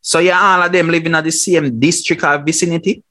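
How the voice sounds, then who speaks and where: A man's voice: a little high, fairly even intonation, a little fast, sharp tone. A Jamaican man co-hosting a podcast, asking questions in patois with ready laughs. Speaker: podcast co-host. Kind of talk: casual interview chat.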